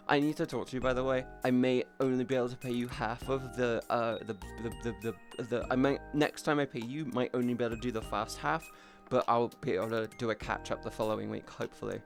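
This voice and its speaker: A man's voice: medium pitch, fairly even intonation, fairly quick, vocal fry, faint music behind. A young man from near Bristol, chatting casually on a livestream and often breaking off mid-sentence to restart. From England, near Bristol. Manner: rambling, self-interrupting, chatty. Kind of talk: casual stream chat.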